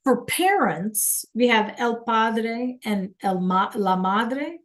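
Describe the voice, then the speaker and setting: A woman's voice: fairly high pitch, animated, takes it slowly. A woman teaching a Spanish class online over a video call, patient and checking in with students often.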